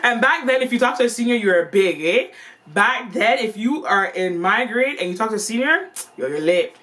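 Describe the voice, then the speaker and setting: A young woman telling a storytime vlog in an animated, playful and slangy way. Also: a little high, moderate pace. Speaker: vlogger.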